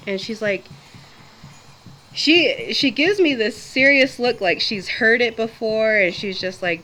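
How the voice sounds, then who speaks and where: A woman's voice: medium pitch, lively intonation, moderate pace, sharp tone, soft background music. A young adult woman telling a personal story in a chatty, casual way, with frequent laughs, fillers and restarts.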